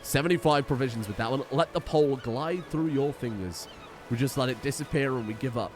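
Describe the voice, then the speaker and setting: A man's voice: medium pitch, fairly quick, a little hiss or hum. A man casually commenting on a strategy game, thinking aloud and reading the game's text. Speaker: gaming video host.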